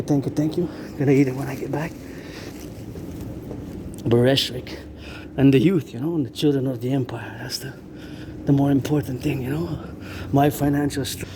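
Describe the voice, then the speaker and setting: A man vlogging while he walks city streets, rambling and repeating himself as he thinks aloud. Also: on the high side. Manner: rambling, repetitive, thinks aloud, chants cadences. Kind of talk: rambling walking vlog. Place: city streets outdoors with traffic. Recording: street noise behind.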